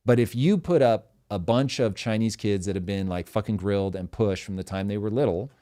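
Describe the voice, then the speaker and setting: A man in his forties with a fairly low voice, hosting a show in casual chat. He talks emphatically, swears freely and tells his stories with energy. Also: fairly quick. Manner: emphatic, profane, animated storytelling. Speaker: podcast host.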